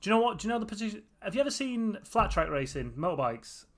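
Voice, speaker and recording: A man's voice: high-pitched, very animated, fast, a bit bright. A tired man chatting casually to viewers on a live stream, with a runny nose. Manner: tired, chatty, often laughing.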